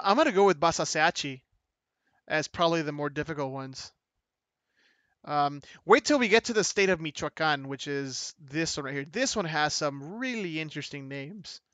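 A man's voice: on the high side, animated, moderate pace, dry recording. A young man chatting casually to viewers while he streams and drives, rambling, restarting his sentences and laughing a lot. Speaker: streamer and mod developer. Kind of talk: casual live-stream chat while driving. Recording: loud game engine noise behind the voice.

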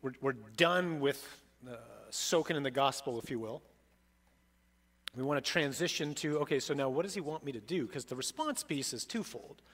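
A middle-aged man, a priest, preaching a sermon with emphatic, dramatic delivery that swings between loud peaks and soft drops. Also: medium pitch, expressive, normal speed.

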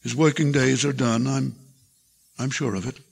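A man's voice: mid-range voice, fairly even intonation, normal speed, pitched below the performer's own voice. Mary, a tender farm wife, read by an older man. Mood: gentle pleading. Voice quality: gravelly, husky voice. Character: weary, tender farm wife, middle-aged woman. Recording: reverberant hall from an archive tape.

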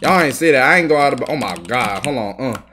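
A young man streams his gameplay with a lively, bouncing voice that leaps from low mutters to sudden yells. He trash talks other players and swears freely. Faint game music and keyboard clicks sit underneath. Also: fast talker, breathy edge. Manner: excitable, swearing trash talk with bursts of yelling. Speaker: gaming YouTuber. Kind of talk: live gameplay commentary.

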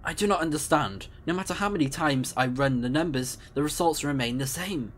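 A man's voice: on the high side, fairly quick, slight background noise, natural voice. A man reading out the lines of a formal, dutiful male starship AI in a stiff, polite manner, with small stumbles. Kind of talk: reading game dialogue aloud.

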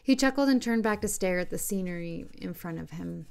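A woman narrates her own novel in a steady, unhurried way. Her voice is on the low side with a noticeable gravelly fry. It has the feel of a home-read audiobook.

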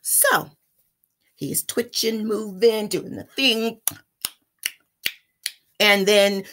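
A middle-aged woman telling a story in a casual vlog, chatty and animated, calling her viewers y'all. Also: a little high, slow, long pauses. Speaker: vlogger.

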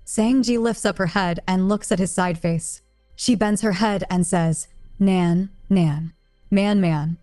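A woman reads a translated romance novel aloud in short, plain sentences, her voice sitting at an ordinary mid pitch. Her delivery stays even and unhurried. Soft music plays faintly behind her. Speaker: audiobook narrator.

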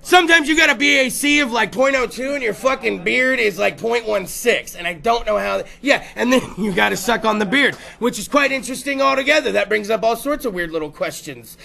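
A man's voice: very high voice, lively intonation, brisk, vocal fry, few pauses, sharp tone. A man hosting a talk show, riffing through rowdy, profane comedic bits and putting on voices for the stories. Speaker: podcast host.

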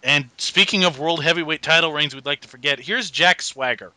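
A man's voice: fairly high pitch, a little fast, background noise. A man hosting a podcast, recapping a wrestling show in casual chat with dry, sarcastic play-by-play. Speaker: podcast host.

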